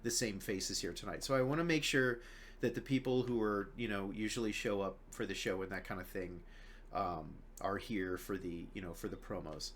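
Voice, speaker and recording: A man hosting a casual podcast chat, chatty and laughing often, sometimes dropping to a low murmur. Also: normal speed, a bit bright, a little hiss or hum. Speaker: podcast host.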